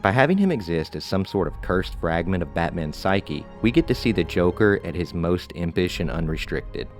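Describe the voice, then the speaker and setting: A man narrating a scripted video game review in a relaxed, conversational way with casual asides. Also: deep voice, normal speed, faint music behind.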